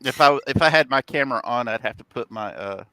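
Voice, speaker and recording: Middle-aged guy on a home stream, bright voice, dry close mic, rambles through stories and laughs a lot. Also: mid-range voice, expressive, fairly quick, dry recording. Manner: rambling storyteller, laughs often. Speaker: host, father. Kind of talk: casual chat on a test live stream.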